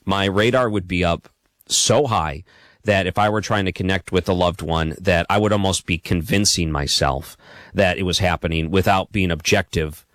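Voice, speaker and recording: A man's voice: low-pitched, moderate pace, a bit bright, no echo, clean studio sound. A man hosting a late-night radio talk show, asking earnest, rambling questions of a guest.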